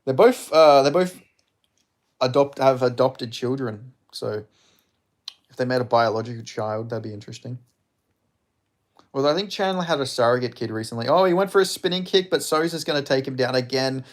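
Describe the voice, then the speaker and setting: A man hosting a live fight watch-along, giving casual, profane commentary with sudden excited outbursts. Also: mid-range voice, moderate pace. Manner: excitable, swearing, bursts into loud reactions.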